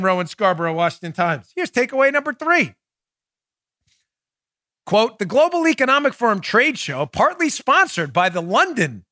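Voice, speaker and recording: A man hosting a political podcast, delivering sarcastic, mocking commentary in an animated way. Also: extremely high pitch, no echo, clean studio sound. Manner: mocking, animated, laughs at own jokes. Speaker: podcast host.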